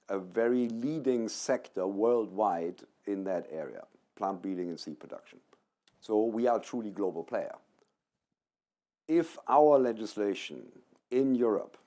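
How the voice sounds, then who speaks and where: A man on a panel from the plant breeding sector, explaining in a measured way with some fillers. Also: fairly low pitch, mellow. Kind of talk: panel discussion.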